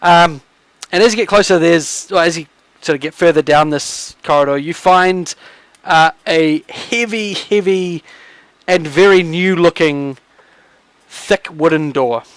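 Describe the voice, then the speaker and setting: A man's voice: on the high side, moderate pace, clear, resonant tone, no room sound, poor audio. A man narrating a tabletop game as game master, rambling with frequent restarts.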